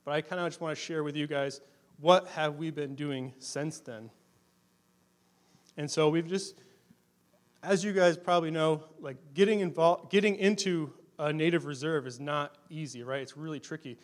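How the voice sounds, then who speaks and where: A young adult man, a missionary addressing a church congregation, gives a casual talk in a slightly high voice at a moderate pace. He tells stories earnestly and conversationally, with plenty of fillers.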